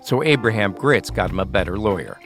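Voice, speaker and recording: A man narrating a documentary podcast in a measured, scripted storytelling manner. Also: on the low side, lively intonation, over music.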